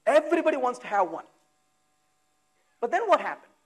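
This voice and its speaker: A man gives an animated technical conference talk. His voice sits high and swings widely in pitch. He throws out rhetorical questions and acts out exasperated asides. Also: brisk, breathy edge. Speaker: conference speaker. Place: conference hall.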